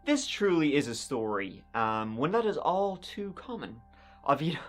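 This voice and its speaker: A man's voice: fairly high pitch, big pitch swings, normal speed, fairly bright tone, faint music behind. Wry, chatty man narrating history. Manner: wry, conversational, sardonic asides. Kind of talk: casual storytelling narration.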